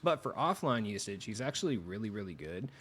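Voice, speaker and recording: A man's voice: on the low side, big pitch swings, a little fast, fairly bright tone, husky. A young man hosting a gaming video, talking loosely and casually with asides and fillers. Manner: joking opener in a mock radio voice, then loose rambling talk. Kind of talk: casual commentary.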